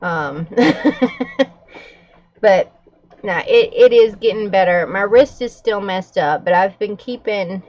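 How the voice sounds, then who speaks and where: A woman's voice: mid-range voice, animated, slow pace, pauses often, darkish tone, lo-fi sound. A middle-aged woman, chatting candidly to her viewers with frequent fillers and laughs. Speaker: vlogger. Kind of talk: casual chat to camera.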